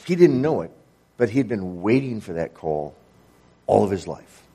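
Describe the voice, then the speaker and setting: A man's voice: lowish voice, big pitch swings, normal speed, warm tone, slightly rough. A male preacher delivering a sermon, telling a story with acted-out dialogue.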